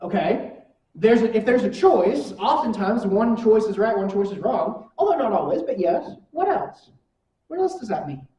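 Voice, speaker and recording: A woman's voice: medium pitch, big pitch swings, normal speed, dark tone. A woman teaching a conversational church lesson, often asking her class rhetorical questions. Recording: echoey room from far mic.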